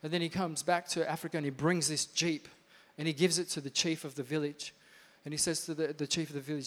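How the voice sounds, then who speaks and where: A male pastor preaching an energetic, emphatic sermon with lots of repetition in a church. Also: fairly high pitch, quick pace. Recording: reverberant church hall.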